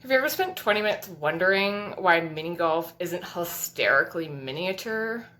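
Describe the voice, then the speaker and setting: A young woman delivering a deadpan comedy monologue of absurd one-liners, recorded on a household item used as a mic. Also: on the low side, normal speed, roomy sound.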